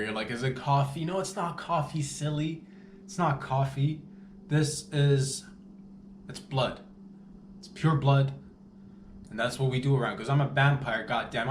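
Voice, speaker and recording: A man's voice: medium pitch, natural voice. A man playing a laid-back modern vampire in a rambling, slangy comedy monologue, recorded in an echoey room with faint background hum. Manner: slangy, rambling, calls everyone baby.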